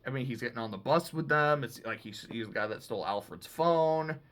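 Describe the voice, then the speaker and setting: A man talking through a TV season in a relaxed, unscripted recap. His voice is bright and forward, mid-pitched. He rambles loosely, swears without a second thought and fills his sentences with "like.". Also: a little fast. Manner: loose and profane, heavy use of "like". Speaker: TV show reviewer. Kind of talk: casual episode recap.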